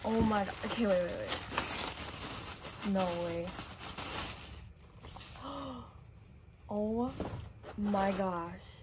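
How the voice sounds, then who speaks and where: A young woman opening gifts on camera with gasping, gushing excitement. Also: medium pitch, very slow, pauses often, very noisy. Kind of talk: casual vlog chat.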